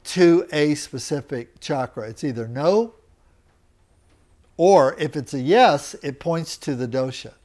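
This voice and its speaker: Animated and a little mellow, this man's fairly high voice leads a live class in a teaching center room. He explains step by step, deliberately and slowly, checking in with students along the way.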